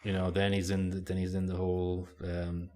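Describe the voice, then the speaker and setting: A man's voice: sits low, completely flat delivery, normal speed, a little mellow. A man co-hosting a podcast, chatting casually and rambling with lots of fillers. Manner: rambling, hesitant, many fillers. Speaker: podcast co-host. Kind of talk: casual chat.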